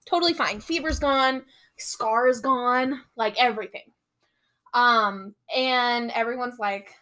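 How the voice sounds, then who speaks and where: A woman's voice: a little high, slow, pushed and bright. A young woman hosting a casual podcast, retelling a novel's plot with quoted voices and frequent swearing. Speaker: podcast host. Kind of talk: casual book recap chat.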